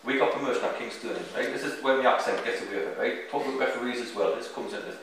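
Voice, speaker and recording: A man's voice: medium pitch, rapid-fire, fairly bright tone, slight background noise. A man with a very strong accent, a football manager telling rambling, self-mocking anecdotes in casual chat, recorded from a distance in an echoey room.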